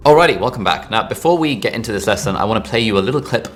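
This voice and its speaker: Male instructor, low voice, quick and rambling, casual lesson delivery. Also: animated, soft background music. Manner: chatty, rambling asides, frequent "like". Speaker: online course instructor.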